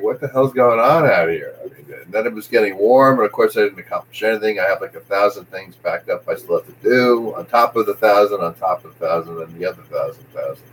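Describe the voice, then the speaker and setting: A man's voice: on the low side, slight background noise, low-quality recording. A man rambling through a jokey comic monologue, jumping from one tangent to the next. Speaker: comedian host.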